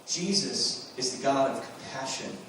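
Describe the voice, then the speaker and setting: A man's voice: medium pitch, unhurried, fairly bright tone, slight background noise. A man preaching a sermon as pastor, earnest, with rhetorical questions and emphatic bursts. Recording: very echoey room, mic from a distance.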